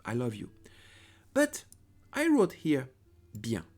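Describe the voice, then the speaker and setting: A man with a French accent teaching a language lesson, patient and repeating phrases slowly, sometimes correcting himself. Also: medium pitch, wildly swooping pitch, a little mellow.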